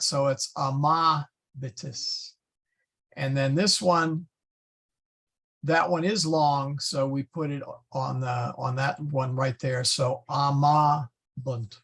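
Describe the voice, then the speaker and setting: Slow, gravelly man teaching Latin. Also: mid-range voice, steady tone, fairly bright tone. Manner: slow, patient, stumbles and self-corrects; spells out Latin forms one by one. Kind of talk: classroom lesson.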